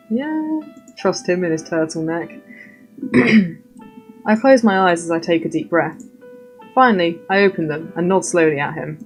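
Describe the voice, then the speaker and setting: A woman's voice: deep voice, lively intonation, normal speed, soft background music. A woman reading a story game aloud as narrator, with wry, playful asides of her own.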